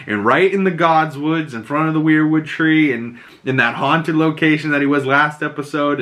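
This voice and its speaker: Excitable, bright-voiced male podcast host. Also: mid-range voice. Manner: excitable, loose, swears freely. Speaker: podcast host recapping a TV episode. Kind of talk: casual recap chat.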